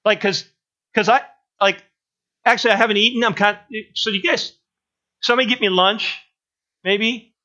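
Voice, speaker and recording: A man's voice: high-pitched, fairly even intonation, bright, forceful tone, muffled recording, voice pushed up. A man voicing a dim, dithering young man who keeps stammering and rambling. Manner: halting, rambling, filler-heavy.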